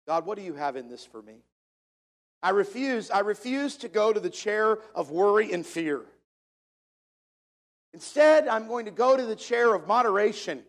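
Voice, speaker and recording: A man's voice: high voice, very animated, moderate pace. A man preaching a sermon to a congregation, repeating key phrases for emphasis in a preacher's cadence. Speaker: pastor.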